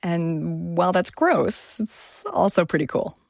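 A woman's voice: fairly low pitch, sing-song, slow pace, vocal fry, no echo, faint music behind. A woman microbiologist telling vivid, enthusiastic stories about her research. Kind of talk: storytelling talk, stage and interview.

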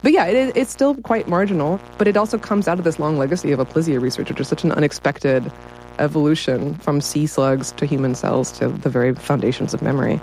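A woman's voice: deep voice, a little fast, a little mellow, a little hiss or hum, poor audio. A woman writer talking as a guest in a casual interview, enthusiastic and often breaking into laughter.

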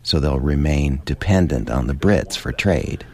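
A man hosting a radio history documentary, giving measured, scripted narration. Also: rumbling low, expressive.

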